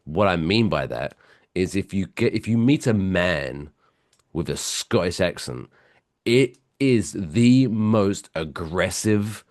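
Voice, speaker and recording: Deep-voiced man with a fading voice. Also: expressive, takes it slowly, darkish tone, dry recording, studio quality. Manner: rambling, joking, chatty. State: voice going hoarse. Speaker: podcast co-host. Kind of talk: casual podcast banter.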